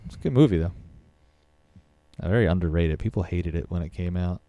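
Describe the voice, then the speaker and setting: A man's voice: sits low, a little fast, mellow, dry recording. A man co-hosting a podcast, chatting loosely with lots of filler words and swearing. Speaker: podcast co-host. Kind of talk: casual chat about movies.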